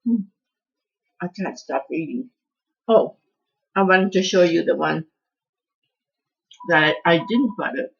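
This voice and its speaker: A woman's voice: lowish voice, lively intonation, slow pace, gravelly, pauses often, husky, muffled recording. A woman hosting her own home cooking channel, chatting in a rambling, self-deprecating way as she walks through a recipe. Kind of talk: casual cooking vlog chat.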